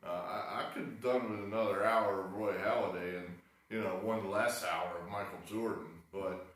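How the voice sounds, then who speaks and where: A man rambles through his own sports video, exasperated and wry, pausing over a cigar. His voice sits on the low side. It rings through a very echoey room from a mic set well back. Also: fairly even intonation, a bit bright, far from the mic. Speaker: sports betting video host. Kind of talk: rambling casual monologue.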